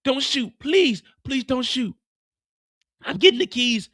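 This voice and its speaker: Man playing a frightened young woman, raised pitch, pleading, nervous rambling. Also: expressive, slow, bright, forceful tone, no echo, studio quality, heavily acted.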